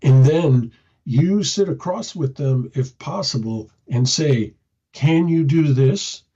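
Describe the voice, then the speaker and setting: A man giving an instructional talk on calming someone in a crisis, speaking slowly and acting out soothing, commanding phrases. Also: medium pitch, slightly rough. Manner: slow, measured, demonstrates soothing command phrasing. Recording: dull lo-fi audio.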